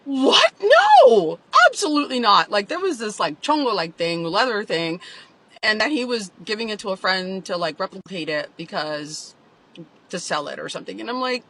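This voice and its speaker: A woman's voice: medium pitch, lively intonation, normal speed, sharp tone, low-quality recording. A woman telling her own story in a candid vlog, emotional and confessional, with lots of "like".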